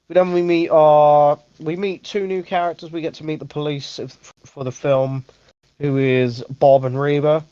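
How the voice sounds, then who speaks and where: A man's voice: on the high side, little pitch movement, moderate pace, clean tone, no echo, dull audio. A young man hosting a casual movie review podcast, rambling, correcting himself and swearing offhand. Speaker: podcast host.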